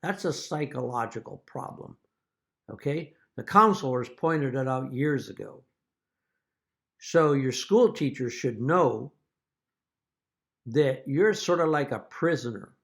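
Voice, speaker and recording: A man speaking as a father straight to his children in a video message, earnest and deliberate, now and then telling a wry joke. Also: medium pitch, animated, gravelly. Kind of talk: direct-to-camera video message.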